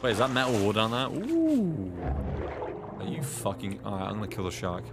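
With music playing behind him, a young British man talks fast in a lowish voice while streaming a survival game. He reads chat out loud, swears a lot and blurts reactions to the on-screen action in casual gameplay talk.

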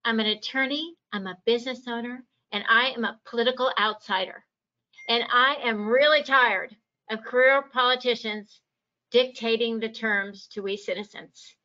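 At a forum, a woman from Virginia campaigns with passionate, emphatic stump speaking. Her fairly high voice is sharp in tone, with fairly even intonation and a moderate pace, heard through dull lo-fi audio.

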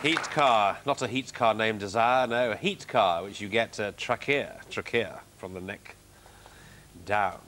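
A man's voice: fairly low pitch, a little slow, crowd noise, noisy background. An older man hosting a game show, joking and punning in a rambling way. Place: television studio.

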